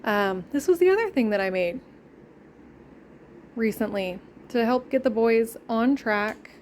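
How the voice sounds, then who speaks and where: A woman's voice: on the high side, animated, unhurried, darkish tone, slight background noise. A woman chatting casually in a home vlog, rambling and easily sidetracked. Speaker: homesteading vlogger. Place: indoors at home.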